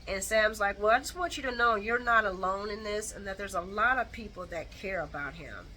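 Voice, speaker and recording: Bright-voiced woman recapping, blunt and animated. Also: medium pitch, a little fast, a little hiss or hum, low-quality recording. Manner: animated, blunt, colloquial, with mocking asides. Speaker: soap opera recap host. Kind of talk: casual chat recap.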